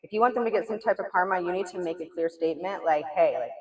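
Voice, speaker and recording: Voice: mid-range voice, racing. Echoey, blunt casual tarot reader. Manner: blunt, chatty, swears, lots of "like" and "you know". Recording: echoey room, mic far off.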